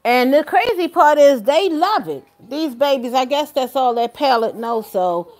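A woman's voice: high-pitched, expressive, normal speed, darkish tone. A young woman and mother chatting casually to her viewers at home, often calling them "y'all". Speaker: vlogger and mother. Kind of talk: casual chat to camera. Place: home kitchen.

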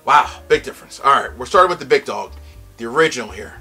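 A man giving a casual, excitable whiskey tasting review, loud exclamations, teary-eyed from a strong pour. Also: mid-range voice, fast, husky, faint music behind.

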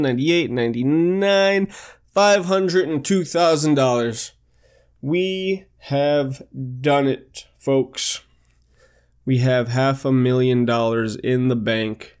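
This is a young man giving relaxed, chatty commentary over a management game he is playing. He talks through each step out loud in an upbeat way, at a middle-of-the-road pitch, into a desktop microphone. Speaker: let's play host. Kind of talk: casual gameplay commentary.

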